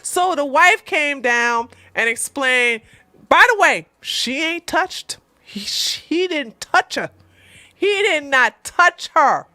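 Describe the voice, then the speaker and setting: A middle-aged woman with a high, bright, sharp voice tells a story in a casual, animated way. The sound is close and dry, with no room around her. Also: takes it slowly, dry recording. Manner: animated, laughing, with loud outbursts while retelling. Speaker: channel host recounting police work.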